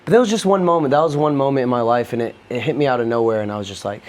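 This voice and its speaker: A man's voice: medium pitch, lively intonation, quick pace, few pauses, darkish tone, a little hiss or hum. A young man on a podcast, candidly telling a personal story in a loose, rambling way, peppered with swearing. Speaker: podcast guest.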